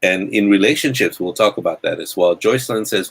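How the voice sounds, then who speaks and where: Husky low-voiced man hosting a podcast. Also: brisk, fairly bright tone, rough recording. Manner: blunt, rambling, repeats words when starting a thought. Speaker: podcast host. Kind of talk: casual live-show chat.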